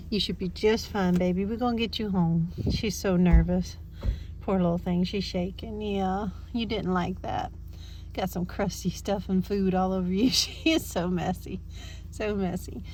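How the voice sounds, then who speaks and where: A woman, chatting casually as she vlogs about her rescue animals. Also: on the high side. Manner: chatty, talks in baby talk to her pets. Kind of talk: casual vlog narration. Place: at home and in the car, partly outdoors.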